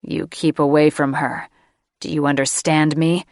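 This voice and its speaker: Storybook lead: a woman playing a protective dragon-shifter man, low, slow and growling, with a gravelly edge. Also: little pitch movement, darkish tone, no echo, clean studio sound. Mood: stern.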